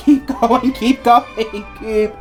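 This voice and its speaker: A young woman in her twenties chats through a face-painting session in her bedroom, slow and unhurried, breaking into giggles and swearing freely. Her voice sits a touch high, and music plays clearly under her talk. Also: fairly even intonation. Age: 20s. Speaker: vlogger. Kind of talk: casual chat while painting her face.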